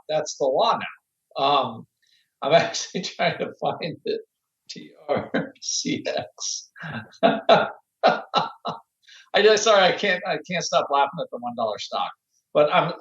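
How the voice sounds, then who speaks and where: A man chats casually as a podcast co-host, laughing through his sentences. His voice sits high. The sound is roomy and echoey. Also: fairly bright tone, dull audio. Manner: giggly, laughing often. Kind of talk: casual chat.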